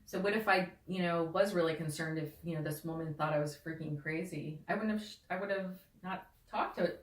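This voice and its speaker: Low-voiced woman, rambling healer. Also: fairly quick. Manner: rambling, heavy with "like" and "you know". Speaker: guest, holistic healer. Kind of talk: casual conversational interview talk. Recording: echoey room.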